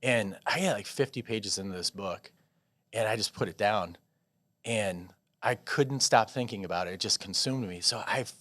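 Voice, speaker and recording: A man from Des Moines, Iowa, a podcast guest telling a long personal story in a rambling, animated way with frequent restarts. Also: lowish voice, normal speed, no echo, clean studio sound. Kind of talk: casual storytelling interview.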